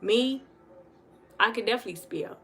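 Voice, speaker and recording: A woman talking fast and earnestly in a casual livestream monologue, repeating herself for emphasis. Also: a little high, gravelly, sharp tone, faint music behind. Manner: fast talker. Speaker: livestream host.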